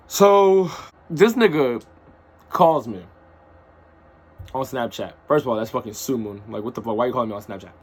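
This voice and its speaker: A man's voice: mid-range voice, moderate pace, long pauses, breathy edge. A man telling a personal story in a casual, rambling way, full of slang and asides.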